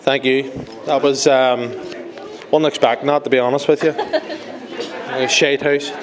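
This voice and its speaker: A man's voice: mid-range voice, steady tone, moderate pace. A young man giving a best man speech, apologetic and joking, laughing along with the guests. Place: wedding reception hall. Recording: crowded reception hall with loud chatter and laughter. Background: laughing, chattering guests.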